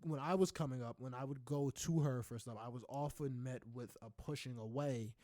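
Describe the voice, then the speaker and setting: A young adult man co-hosting a podcast in casual chat, speaking candidly and swearing freely, often ending lines with "right?" and rising into loud animated rants. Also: mid-range voice, a little fast, dry recording, clean studio sound. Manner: rises into loud animated ranting. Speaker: podcast co-host.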